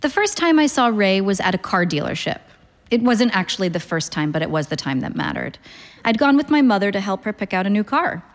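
A woman in her thirties reading a literary short story aloud in a dry, deadpan, wry manner. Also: medium pitch, fairly quick, long reverb tail. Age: 30s. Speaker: narrator.

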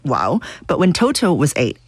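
A man's voice: a little high, wildly swooping pitch, normal speed, slightly rough, dry recording. A man co-hosting a documentary podcast, narrating a scripted story with enthusiasm. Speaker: podcast co-host.

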